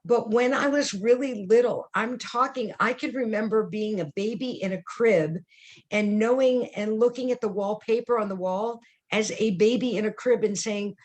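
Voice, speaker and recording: A woman's voice: medium pitch, moderate pace. A woman in her sixties, a guest psychic medium, telling personal stories earnestly with frequent fillers. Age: 60s. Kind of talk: personal storytelling in conversation.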